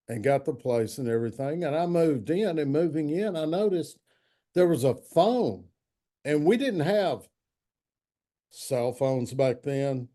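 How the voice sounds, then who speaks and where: A man's voice: medium pitch, dark tone. A man in his sixties, a longtime football writer, telling anecdotes in an interview and acting out quotes. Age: 60s. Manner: anecdotal, acts out quotes in other voices. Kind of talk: storytelling interview chat.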